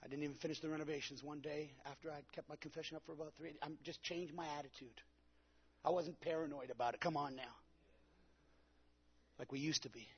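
A man preaching with a very husky, gravelly voice that sits a little high. He tells his story dramatically and plays out his own quotes. The recording is dull and lo-fi. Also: fairly even intonation, fairly quick. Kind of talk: sermon.

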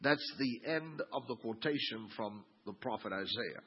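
A man preaching a sermon and reading scripture aloud, acting out the crowd's sneering lines with lively emphasis. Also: mid-range voice, moderate pace, husky, dull audio. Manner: animated, mimics the crowd's sneering tone. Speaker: pastor.

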